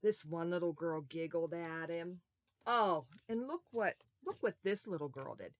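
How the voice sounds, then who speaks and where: A woman telling a story to young children, animated and often asking the children questions. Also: fairly low pitch, unhurried, dry recording.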